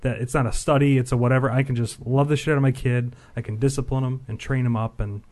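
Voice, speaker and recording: A man's voice: medium pitch, steady tone, a little mellow. A man chatting casually about parenting and his memories, rambling and loose. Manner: quick, rambling, casual swearing. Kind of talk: casual chat.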